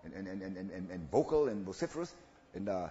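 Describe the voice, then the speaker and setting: Preacher, male, lively pitch swings from hush to shout, dull lo-fi roomy recording. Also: fairly quick. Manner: animated, swings from hushed to loud, playful asides. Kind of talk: call-and-response sermon. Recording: roomy, dull low-fi church recording with faint ambience.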